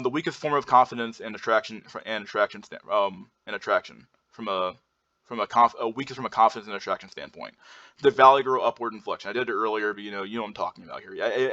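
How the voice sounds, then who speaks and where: Man, fast rambling lecture, forceful edge, lots of fillers, dull lo-fi sound. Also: lowish voice. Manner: rambling, many fillers and restarts, blunt swearing. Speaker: presenter explaining slides. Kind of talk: casual lecture over slides. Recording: dull lo-fi recording.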